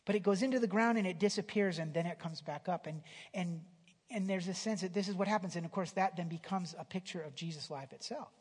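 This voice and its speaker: A man preaching a sermon with a high, slightly husky voice. He talks conversationally, restarting phrases and dropping from loud emphasis to near whispers. The sound carries a long hall reverb. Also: fast talker. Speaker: pastor.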